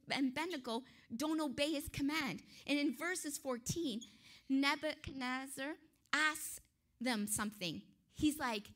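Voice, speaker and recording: Bright, high-voiced excitable woman. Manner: excitable and emphatic, with rhetorical questions. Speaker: Bible teacher. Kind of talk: Bible study teaching.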